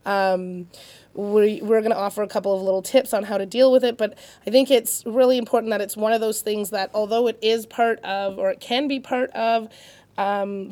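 A woman's voice: medium pitch, a little mellow. A woman co-hosting a casual parenting chat, talking in a loose way with many fillers and restarts. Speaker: parenting podcast co-host.

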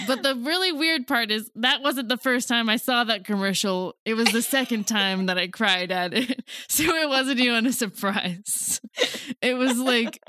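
A woman's voice: on the high side, moderate pace, bright, forceful tone, no room sound. A woman co-hosting a casual chat, rambling and laughing, close to tears. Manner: rambling, self-interrupting, laughs easily. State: teary, close to crying. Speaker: podcast co-host.

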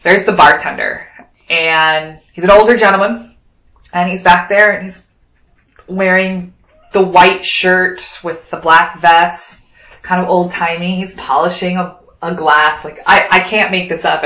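Woman, from Wyoming, casual storyteller, lowish voice, roomy echo. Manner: lively anecdotal, acts out quoted dialogue.

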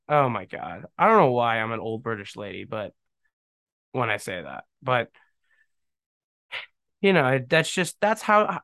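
A man's voice: medium pitch, lively intonation, unhurried, long pauses, fairly bright tone, no echo. A man hosting a casual solo podcast, talking bluntly and ramblingly with a scoffing edge and many fillers. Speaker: podcast host.

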